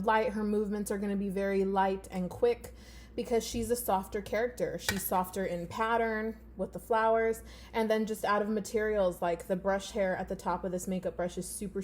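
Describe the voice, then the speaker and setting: A woman's voice: medium pitch, a little mellow. Chatty woman teacher, easygoing and encouraging. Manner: chatty and encouraging, with frequent "um" fillers. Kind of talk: casual video lesson to students at home.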